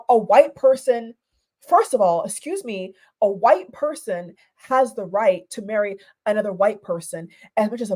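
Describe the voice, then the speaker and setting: A woman's voice: medium pitch, a little mellow. A woman from Europe giving a heated, casual reaction rant, repeating herself and restarting her sentences, with some swearing. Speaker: vlogger.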